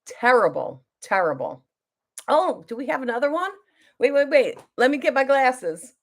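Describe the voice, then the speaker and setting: A middle-aged beauty vlogger with a high voice talks at a moderate pace in a casual get-ready-with-me chat. She does her makeup while reading viewer comments aloud.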